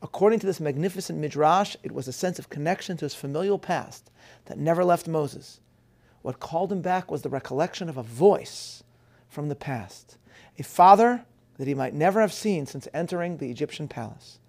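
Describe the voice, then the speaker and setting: A man giving a measured, scholarly lecture, reading out quotations and dropping in Hebrew phrases. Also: a little high, animated, vocal fry, darkish tone. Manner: measured, scholarly, reads quotes aloud. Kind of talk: lecture on film and scripture.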